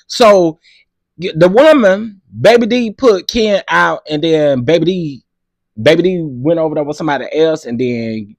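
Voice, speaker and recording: A man hosting a commentary channel, reacting to a clip with drawn-out, exclaiming disbelief. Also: fairly high pitch, no room sound.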